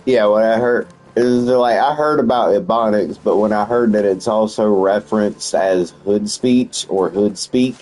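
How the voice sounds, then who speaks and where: A man's voice: on the low side, a little slow, hardly any pauses, a little mellow, soft background music, rough recording. A man streaming a video game and chatting casually, joking and swearing a lot and laughing often. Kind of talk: casual gameplay commentary.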